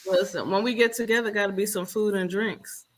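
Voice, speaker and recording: A woman's voice: medium pitch, fairly even intonation, fairly quick. A woman co-hosting a casual political chat, asking probing questions and laughing between points.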